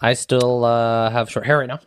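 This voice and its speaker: A man's voice: medium pitch, flat delivery, normal speed, smooth, no room sound. A young man co-hosting a casual podcast, teasing his friend and laughing a lot, close to a studio mic with a pop screen. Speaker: podcast co-host. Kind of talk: casual chat.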